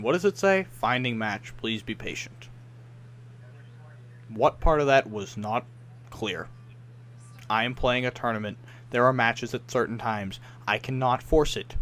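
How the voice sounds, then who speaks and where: A man's voice: mid-range voice, fairly bright tone. Ranting, foul-mouthed young man. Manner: frustrated, ranting, swears a lot, mimics others. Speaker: podcast co-host. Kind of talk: casual profane gaming podcast rant.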